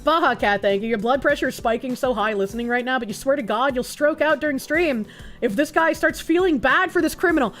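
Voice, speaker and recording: A woman's voice: sits high, a little fast, fairly bright tone, faint music behind. A woman streamer giving blunt, profane, sarcastic commentary in casual chat.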